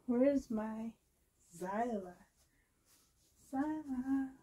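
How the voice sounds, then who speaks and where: A woman's voice: a little high, very slow, warm tone, breathy edge, poor audio. A woman with a Canadian accent, chatting casually while unboxing, gushing, giggly and rambling. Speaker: reborn doll vlogger.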